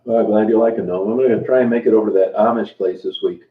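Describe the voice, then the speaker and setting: Casual talk with live viewers comes from a livestream host whose voice is fairly low. He trails off and restarts a lot, relaxed but halting and full of fillers, while the tinny, phone-like audio echoes through a roomy space.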